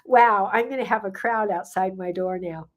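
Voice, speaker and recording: A woman's voice: medium pitch, moderate pace. An older woman, a gut health coach, chatting casually on a live stream, answering viewer questions with frequent fillers and laughter.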